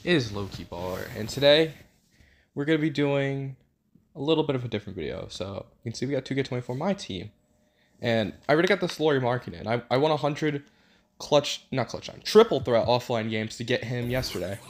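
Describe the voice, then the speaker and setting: A man's voice: mid-range voice, expressive, fairly quick. A young man giving casual commentary over his own gameplay, hyping up his players and trash-talking the other side, recorded at home with noise. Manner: hyped trash talk at the game. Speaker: gaming YouTuber.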